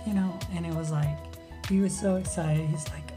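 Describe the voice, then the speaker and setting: A woman telling a personal life story as a radio guest, halting and full of "like" and "you know", dropping to a hushed voice at tender moments. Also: low voice, steady tone, over music.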